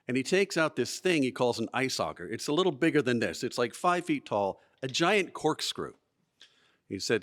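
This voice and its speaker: A man's voice: medium pitch, big pitch swings, moderate pace, a bit bright. A man telling a self-deprecating, comic personal story live on stage before an audience. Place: museum event space before an audience.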